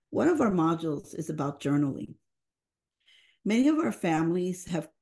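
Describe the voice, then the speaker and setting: Mellow-voiced woman telling heartfelt stories. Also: lowish voice. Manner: earnest, emotional, acts out parents' voices with Spanish phrases. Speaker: family engagement program leader, guest. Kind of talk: heartfelt storytelling in a podcast interview.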